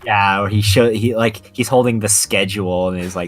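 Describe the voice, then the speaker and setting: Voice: deep voice, fairly even intonation, normal speed, soft background music. A podcast co-host chiming in with loose, hesitant remarks full of fillers. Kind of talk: casual chat.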